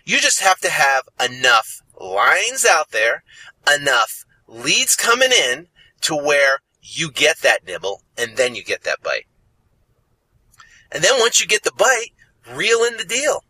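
Podcast host, male, lively and insistent, bright husky voice, dry close mic. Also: on the high side, slow pace, no echo, poor audio. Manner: animated and emphatic, repeating phrases for effect. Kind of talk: motivational podcast monologue.

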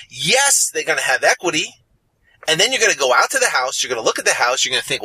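A man's voice: fairly high pitch, very animated, fast talker, bright, forceful tone, slightly rough, dry recording, poor audio. A man hosting a motivational podcast, talking emphatically and repeating phrases for effect. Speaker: podcast host.

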